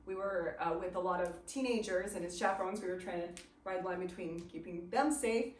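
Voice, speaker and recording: A woman's voice: lowish voice, brisk. A woman leads a literature class in a chatty way, laughing often and breaking into read-aloud passages. Her voice carries around an echoey classroom and sits a good distance from the mic, with faint noise underneath. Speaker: teacher.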